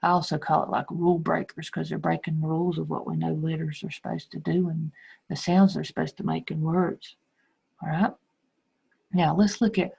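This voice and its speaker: Woman teacher, kinda gravelly and low, slow patient phonics lesson for little kids. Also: fairly even intonation, warm tone, low-quality recording. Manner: slow, patient explaining to young children.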